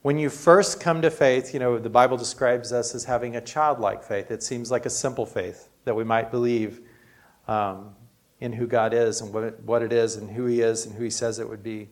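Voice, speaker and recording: A man's voice: mid-range voice, fairly even intonation, moderate pace. Male pastor, everyday sermon delivery, earnest and chatty. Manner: earnest, conversational preaching with frequent "you know".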